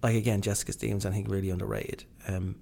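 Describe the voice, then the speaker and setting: A man's voice: lowish voice, flat delivery, fast talker, gravelly, mellow, slight background noise. Rambling, enthusiastic British man chatting. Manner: rambling, enthusiastic, many fillers and restarts. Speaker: podcast co-host. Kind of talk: casual chat.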